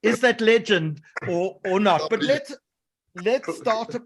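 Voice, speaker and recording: A man's voice: high-pitched, animated, measured pace, breathy edge. A man hosting a panel talk, asking questions in a friendly way and often repeating his words. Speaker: host.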